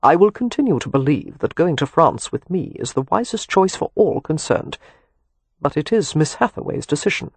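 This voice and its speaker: A controlled, formal doctor murmurs in measured phrases, as a male audiobook reader puts him on. The voice is husky, a touch high, and recorded close in a dry room. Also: very animated, no room sound, full character voice. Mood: cool.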